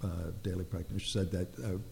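A man's voice: low voice, flat delivery, quick pace, dark tone, slight background noise. An older man in casual conversation who talks hesitantly and rambles, filling his speech with "you know". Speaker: client.

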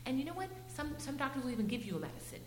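A woman's voice: high voice, big pitch swings, rapid-fire, slight background noise. Woman counselor explaining in a roomy space. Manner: explanatory, reassuring, asks checking questions. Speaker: nutrition counselor. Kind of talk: casual counseling chat.

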